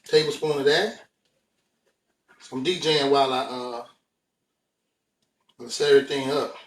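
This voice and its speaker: Working in a home kitchen, this American cooking show host keeps things chatty and relaxed, speaking straight to the camera. He has a medium-pitched voice with fairly even intonation and talks a little slowly. The recording has room echo from a distant microphone.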